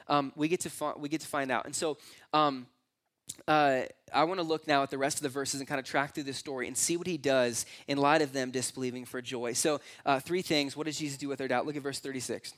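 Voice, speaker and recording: A man's voice: mid-range voice, fairly even intonation, fairly quick, a bit bright. A young adult man preaching a conversational, earnest sermon as pastor, sometimes acting out voices in his stories.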